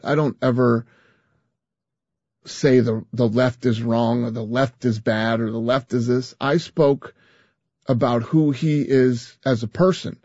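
A man's voice: medium pitch, a little mellow, no echo, highs cut off. A man talking as an interview guest, emphatic, often restarting and repeating words. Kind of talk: casual interview talk.

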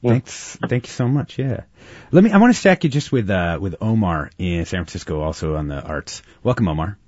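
A man's voice: low voice, sing-song, a little fast, a little mellow, dry recording, highs cut off. A man hosting a call-in radio show, welcoming callers and responding briefly and hesitantly. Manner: friendly, brief acknowledgments, hesitant. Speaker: radio host.

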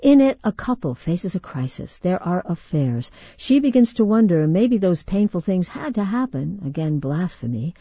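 A woman hosting a radio show, reading a scripted introduction with emphatic, dramatic pauses. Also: lowish voice, very animated, dark tone, slightly rough, no echo. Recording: slightly muffled broadcast audio.

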